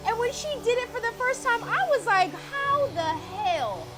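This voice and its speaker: Animated high-voiced woman telling a story. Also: fairly quick, over music. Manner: animated storyteller, acts out her own past reactions. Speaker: guest. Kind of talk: casual chat.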